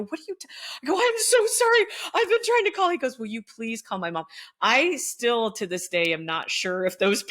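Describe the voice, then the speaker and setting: A woman, a former teacher, telling a school story in casual chat and acting out the people she quotes. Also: mid-range voice. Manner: animated, acts out quoted voices, laughs while telling.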